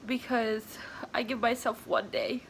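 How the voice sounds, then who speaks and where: A tearful, sniffling woman talking at home in a personal confessional vlog, halting and soft, slipping into whispers. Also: a little high, level tone, gravelly, a little hiss or hum. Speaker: vlogger.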